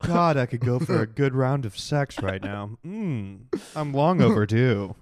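A man's voice: medium pitch, expressive, a little slow, a little mellow, no echo, studio quality, natural voice. A man putting on a purring, sex-hungry New York lady. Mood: sultry. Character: sultry middle-aged New York woman craving sex.

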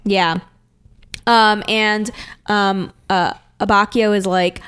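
A woman's voice: medium pitch, fairly even intonation, slow pace, fairly bright tone, smooth. A chatty woman co-hosting a podcast, recapping an episode at an easy pace. She rambles and fills her talk with ums and likes. Now and then she slips into the characters' lines. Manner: rambling, lots of fillers, acts out characters' lines. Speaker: podcast co-host. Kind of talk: casual chat recapping an anime episode.

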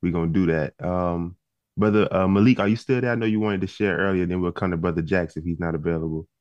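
A man's voice: sits low, fairly even intonation, fast, a little mellow, no room sound. A man hosting a group call, moderating in an easygoing way as he calls on speakers by name, heard through dull, muffled call audio.

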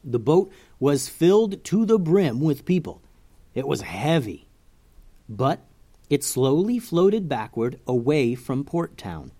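A man reading a children's adventure story aloud with expressive narration. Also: medium pitch.

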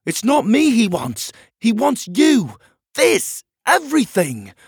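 Bold young storybook hero man voicing, raised pitch, swinging lively, gravelly grain. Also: moderate pace, dry recording, clean studio sound, heavily acted. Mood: defiant. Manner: urgent and defiant. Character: determined young male hero, bold and defiant.

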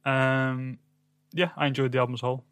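Laid-back male co-host, mid pitch, dry close mic. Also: little pitch movement, a little fast, fairly bright tone, smooth, dry recording. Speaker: podcast co-host reviewing albums. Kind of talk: casual chat.

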